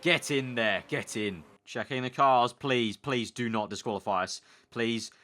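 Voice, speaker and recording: A young man from the United Kingdom commentating on his racing management gameplay, talking excitedly and pleading with the screen. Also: medium pitch, a little slow. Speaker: gaming YouTuber. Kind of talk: let's play commentary.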